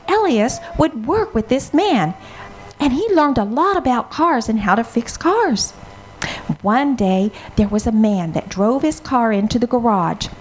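A woman tells a children's story with a high, lively voice. She gasps and pauses for effect, and her pitch swoops widely. A faint hum of room ambience sits behind her. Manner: expressive, gasping, dramatic pauses.

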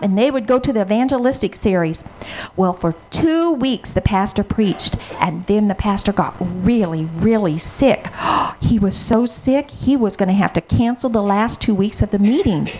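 A woman telling a children's story in an expressive, dramatic way, gasping and pausing for effect. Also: on the high side.

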